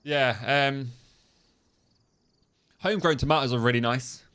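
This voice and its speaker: A man's voice: medium pitch, unhurried, fairly bright tone, clean tone. A young man streaming a game, chatting casually, swearing freely and laughing often. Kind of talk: casual gaming stream chat.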